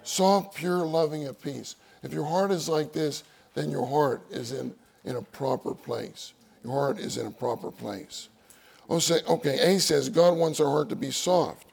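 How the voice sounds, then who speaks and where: A man's voice: a little high, moderate pace, gravelly, darkish tone, slightly rough. A man preaching a sermon, reading outline points aloud and repeating key phrases for emphasis.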